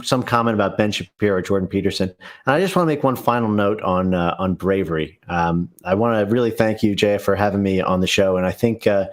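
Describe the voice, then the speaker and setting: Low voiced guy guesting on a stream, lots of ums and uhs, halting. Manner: hesitant, many fillers and restarts. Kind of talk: livestream conversation.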